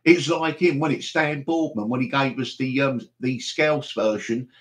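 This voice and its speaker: A man's voice: mid-range voice, normal speed. A man hosting a live stream, rambling and chatty, with mock exasperation. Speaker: livestream host.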